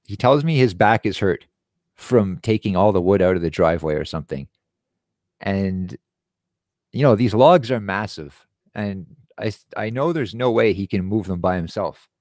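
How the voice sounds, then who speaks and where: A man's voice: fairly low pitch, a little mellow, dry recording. Young man, show host, casual rant, profane, heated storytelling, dry close sound. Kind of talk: casual live-stream rant.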